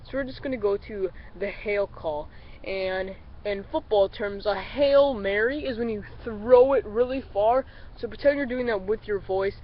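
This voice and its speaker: Slightly sick man teaching duck calls. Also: sits high. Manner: relaxed, rambling, addresses viewers as guys. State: a little sick. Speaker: duck calling instructor. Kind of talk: casual tutorial. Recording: slightly dull lo-fi recording with faint vehicle noise.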